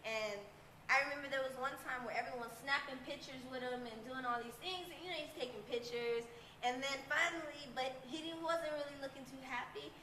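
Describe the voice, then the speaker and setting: A young woman speaks with a high, bright voice. She tells her stories with eager emphasis. Her voice bounces around an echoey room with faint background noise. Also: a little fast. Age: young adult. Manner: enthusiastic, emphatic storyteller. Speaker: interviewee, former youth award winner. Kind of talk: casual interview chat. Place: conference venue.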